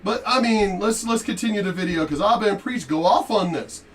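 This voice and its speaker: A man telling a story in a profane, animated rant while commenting on a reaction video. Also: high-pitched, brisk, distant mic, a little hiss or hum. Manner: animated, profane, laughing asides.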